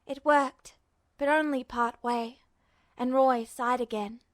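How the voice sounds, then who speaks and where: A woman's voice: high voice, fairly even intonation, slow, no room sound. Woman narrating a fanfic audiobook. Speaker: podfic reader.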